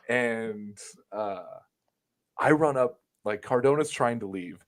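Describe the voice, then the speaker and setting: Animated, profane young man telling a story. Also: medium pitch, slow. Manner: animated, profane, acts out quotes loudly. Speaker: podcast co-host. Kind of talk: casual chat, storytelling.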